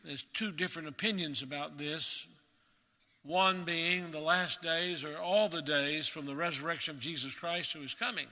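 A man preaching a sermon in a measured, emphatic way, repeating key words for weight. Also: a little high, steady tone, bright, forceful tone, big-room sound.

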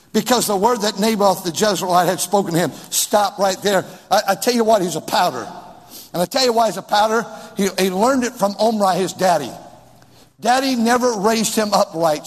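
A man preaching a sermon in a church, rising suddenly and drawing some phrases out slowly. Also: high-pitched, breathy edge, big-room sound. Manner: preaching with sudden rises and drawn-out slow phrases.

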